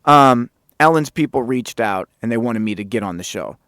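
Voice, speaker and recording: A man hosting his own podcast, telling a story in a casual, animated way and swearing freely. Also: mid-range voice, normal speed, clear, resonant tone, dry recording, studio quality. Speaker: podcast host.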